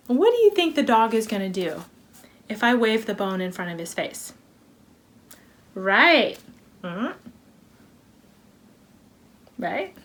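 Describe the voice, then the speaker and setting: Slow, playful woman telling a lesson story. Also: mid-range voice, a bit bright. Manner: playful, uses props and voices. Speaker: wellness educator.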